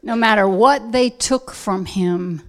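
A woman delivers a sermon at a slow, deliberate pace. She leans into emphatic lines and then drops to soft, quiet asides, keeping a mid-range voice throughout. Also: mid-range voice. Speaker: preacher.

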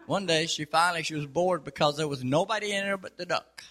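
A man telling a long folksy joke in a casual, unhurried way. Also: on the high side, fairly bright tone. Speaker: storyteller.

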